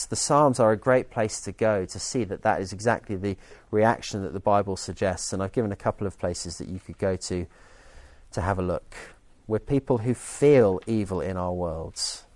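A man's voice: fairly low pitch, dry recording. A man preaching a sermon in an earnest teaching tone, often restarting his sentences. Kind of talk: sermon with group activity.

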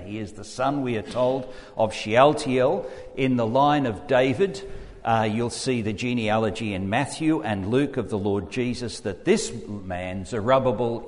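A man with an Australian accent, preaching a sermon and reading scripture aloud as he teaches through the text. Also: medium pitch. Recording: echoey hall with long reverb.

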